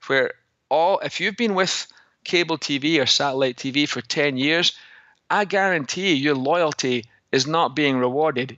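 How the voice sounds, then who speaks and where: A man hosts a casual podcast lesson in a put-on Scottish accent, with a bright, forceful tone. He tells stories and asks rhetorical questions in a chatty way. The audio is dry and a bit dull and lo-fi. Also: a little high, no room sound. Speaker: segment host, fitness business coach.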